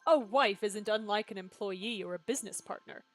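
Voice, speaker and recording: A woman voicing a polite male noble suitor in a story game, speaking formally and in a measured way. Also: medium pitch, a bit bright, soft background music, pitched below the performer's own voice, lightly acted. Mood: courteous.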